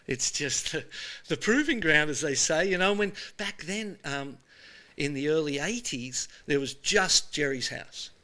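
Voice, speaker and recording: An Australian man in his sixties, an animated storyteller chatting casually as he is interviewed. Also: a little high, measured pace. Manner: animated storyteller, says "mate" often. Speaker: show host being interviewed. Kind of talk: casual chat.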